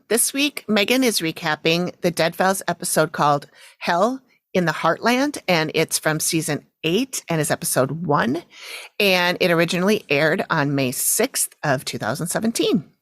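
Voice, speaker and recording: A woman's voice: on the low side, lively intonation, moderate pace, a bit bright, no echo. A woman co-hosting a podcast in casual chat, who laughs often and reacts with short replies. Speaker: podcast co-host.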